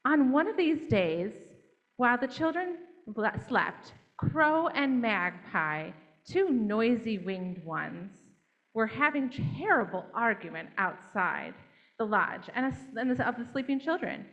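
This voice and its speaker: A woman telling a children's story at church in a gentle, interactive way, inviting the children to join in. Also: fairly high pitch, very animated, a little slow, dull audio.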